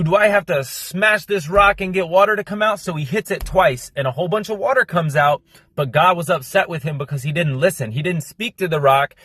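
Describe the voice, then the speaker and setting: A young man explaining a Bible story in a fast, casual, slangy monologue, cramming it in with lots of energy. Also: sits high, a bit bright, no room sound, clean studio sound. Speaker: Christian content creator.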